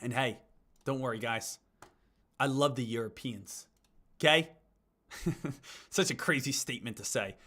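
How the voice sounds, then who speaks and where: A man's voice: mid-range voice, unhurried, long pauses. A man hosting a live stock trading stream, talking energetically and directly to his viewers. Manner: energetic, talks straight to viewers as "guys".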